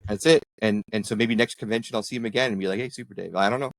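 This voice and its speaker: A man's voice: on the low side, steady tone, racing, no echo, poor audio. A middle-aged man, a local councillor, telling anecdotes in casual chat and jumping into voices when he quotes people. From Canada. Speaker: ward councillor, podcast guest.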